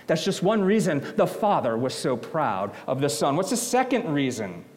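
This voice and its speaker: A man's voice: on the high side, big pitch swings, moderate pace, long reverb tail. A man preaching a sermon, earnest and emphatic, repeating phrases to drive them home. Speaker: pastor. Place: church sanctuary.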